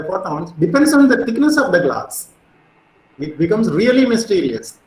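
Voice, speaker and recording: A middle-aged man giving a physics lecture, animated and storytelling, with frequent fillers. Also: sits high, reverberant, slight background noise, rough recording.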